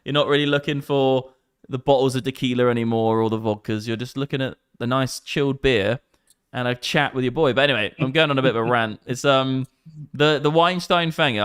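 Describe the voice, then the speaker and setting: A man in his thirties with an English accent, rambling excitedly and swearing often on a casual livestream. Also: medium pitch, clear, resonant tone, dry recording, clean studio sound. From England. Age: 30s. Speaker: crypto streamer.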